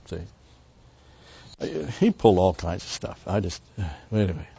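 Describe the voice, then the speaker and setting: A man's voice: sits low, measured pace, vocal fry, warm tone, husky, highs cut off. An older man teaching a Bible study lecture in a rambling, conversational way full of asides.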